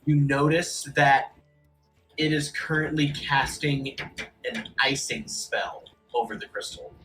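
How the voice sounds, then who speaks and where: Game master talking fast, lots of ums, soft music behind. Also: mid-range voice, steady tone, rough recording. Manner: quick, rambling, many fillers. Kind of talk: narrating a tabletop game.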